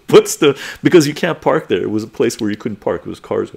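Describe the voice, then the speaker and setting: A man in his forties hosts a live stream and spins a casual story. His pitch swings widely as he talks, and he laughs often and swears freely. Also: expressive, a little fast, creaky, darkish tone, husky.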